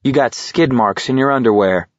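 A man's voice: medium pitch, normal speed, no room sound, lo-fi sound, natural voice. A male narrator voicing a tired young man who answers shortly and curtly. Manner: short, curt replies. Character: tired, sullen young man with a curt temper.

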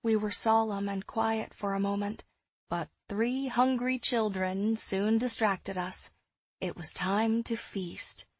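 Young woman reading an audiobook, husky voice, soft and steady, dry close mic. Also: medium pitch, no echo. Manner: soft, measured first-person storytelling. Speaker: narrator. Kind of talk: audiobook narration.

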